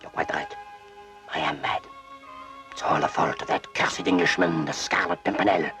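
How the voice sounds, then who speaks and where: A man's voice: sits low, steady tone, normal speed, music in the background, low-quality recording. An actor playing an English hero disguised as a mad old male judge, speaking in a playful, mock-menacing way. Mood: teasing. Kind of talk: 1950s television drama acting.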